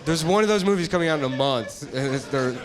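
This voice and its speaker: A middle-aged man doing stand-up, rambling in a deadpan way and trailing off into mumbles. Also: a little high, fast talker, a crowd in the background. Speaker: comedian. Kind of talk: stand-up comedy bit.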